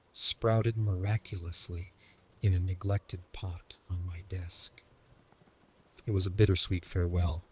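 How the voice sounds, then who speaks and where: A man telling a first-person horror story as scripted narration, in a steady, even way. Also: low-pitched, slightly rough.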